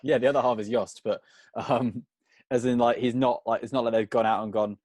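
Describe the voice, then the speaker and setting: A man's voice: medium pitch, fairly even intonation, a little fast, a little mellow, dry recording. A man co-hosting a casual podcast, giving his opinions at length in long, thinking-aloud runs. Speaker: podcast co-host.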